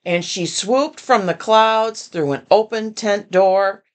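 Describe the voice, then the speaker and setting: An older woman reading a children's picture book aloud with gentle, chatty asides to young listeners. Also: medium pitch, slow. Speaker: storybook reader.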